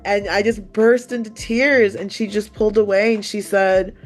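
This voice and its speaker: A woman giving an earnest personal testimonial, halting and full of "like" and "you know", close to tears. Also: medium pitch, fairly even intonation, soft background music. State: emotional, near tears. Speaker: retreat participant giving a testimonial.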